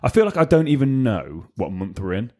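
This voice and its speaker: A man's voice: mid-range voice, big pitch swings, brisk, dark tone. A young man hosting a podcast in casual chat, chatty and rambling with lots of fillers and restarts. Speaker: podcast host.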